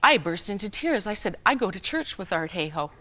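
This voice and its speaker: A woman's voice: mid-range voice, very animated, fairly quick, bright, forceful tone. A middle-aged woman telling a personal story as a talk show guest, acting out the voices of people in it and often laughing. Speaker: guest speaker and humorist. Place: television studio.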